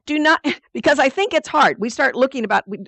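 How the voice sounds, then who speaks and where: A woman teaches her weekly spiritual study group in a lively, conversational voice that she sets a little on the high side. She keeps things playful and chatty as she explains the lesson. The sound is dry and close, with no room echo. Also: fairly quick, creaky.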